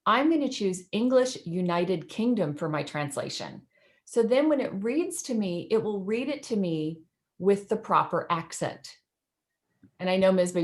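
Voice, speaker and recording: A woman teacher walks through a screen-share demo on a video call, chatty and enthusiastic and quick to laugh. Her voice sits at a middle pitch and comes through clearly over the call mic. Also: a little mellow. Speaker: educator presenting in a webinar.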